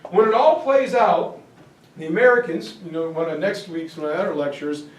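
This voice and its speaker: A man giving a history lecture as lively storytelling, acting out quoted voices and joking asides. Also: high-pitched, fairly quick. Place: classroom or lecture hall. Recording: echoey room, mic far off, faint ambience.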